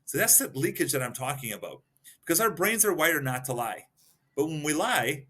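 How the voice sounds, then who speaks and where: A man's voice: a little high, big pitch swings, a little fast, pushed and bright. A man talking as a guest expert on a podcast, explaining points one by one and giving examples. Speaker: guest expert in behavioral analysis.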